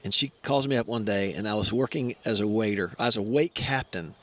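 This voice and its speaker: A man telling stories in a casual chat among brothers, animated and acting out the voices of people he quotes. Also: on the low side, a little fast. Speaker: guest, brother. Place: mountain cabin.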